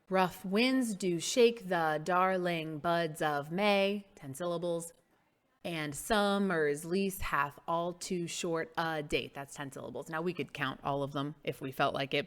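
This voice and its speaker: A woman's voice: fairly low pitch, a bit bright. A woman teaching a casual mini-lesson, playful and emphatic, who exaggerates word stress to make her point. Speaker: English teacher.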